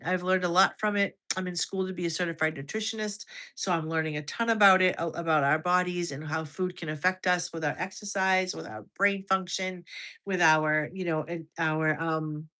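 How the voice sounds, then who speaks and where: American woman, 50s, livestream host; lower-pitched, chatty, casual, restarts sentences and answers comments. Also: moderate pace, sharp tone. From United States. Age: over 50. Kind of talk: casual livestream chat with viewers.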